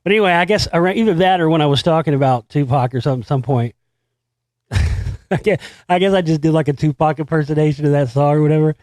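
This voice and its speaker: A man's voice: fairly high pitch, fast, a little mellow, dry recording. An American man hosting a casual solo talk show, rambling and profane, laughing at his own stories. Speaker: host.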